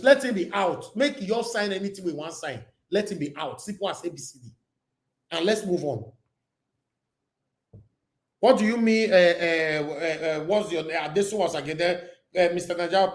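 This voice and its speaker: A man with a Nigerian accent hosting a live-stream call-in show, ranting heatedly and mixing Pidgin with English. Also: high-pitched. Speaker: talk show host. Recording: roomy echo.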